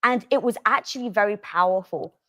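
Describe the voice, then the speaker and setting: A woman hosting an interview, telling stories in an animated, emphatic way and swearing for emphasis. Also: mid-range voice, fairly quick, no room sound, clean studio sound. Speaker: podcast host. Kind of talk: interview conversation.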